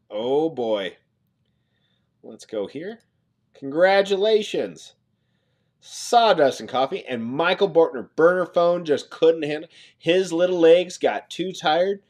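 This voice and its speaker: Broadcasting a casual livestream from Nebraska, a man chats and jokes with viewers while reading their messages aloud. His voice is a little high and his pace unhurried.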